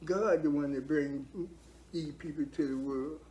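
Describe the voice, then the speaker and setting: A man's voice: a little high, fairly even intonation, a little slow, a little mellow. An older man giving a heartfelt spoken testimony about his faith, earnest and preachy, repeating himself for emphasis.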